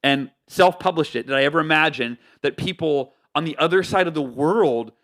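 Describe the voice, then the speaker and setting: A man from the United States, an author, telling stories as a podcast guest in an animated way, with lots of fillers and restarts. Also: fairly high pitch, moderate pace. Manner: animated, loose talk with many fillers and self-corrections. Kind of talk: casual storytelling interview.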